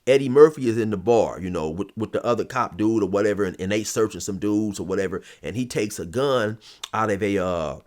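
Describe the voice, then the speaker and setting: A man's voice: on the low side, brisk, darkish tone. A man telling a story in a casual, rambling, profane way, full of "you know" and "or whatever".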